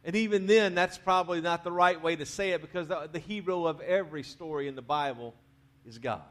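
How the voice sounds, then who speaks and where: A man preaching a sermon in a church, talking conversationally, dropping quiet at the ends of phrases and rising to urge the congregation on. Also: a little high, brisk. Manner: conversational preaching, drops to quiet endings, rises to urge the crowd. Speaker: pastor. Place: church sanctuary.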